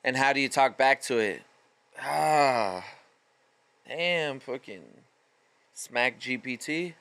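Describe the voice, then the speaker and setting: A man's voice: mid-range voice, expressive, takes it slowly, fairly bright tone, clear, resonant tone. A man hosting a solo podcast, delivering a profane, fired-up motivational rant in casual street slang. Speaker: podcast host.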